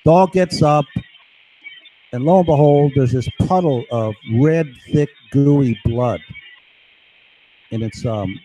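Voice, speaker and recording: A man's voice: mid-range voice, slow pace, long pauses, warm tone, dry recording, low-quality recording. A man telling a long, agitated story on a live stream, swearing often and tagging his sentences with "right?". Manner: agitated, profane, keeps asking "right?". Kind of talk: rambling monologue.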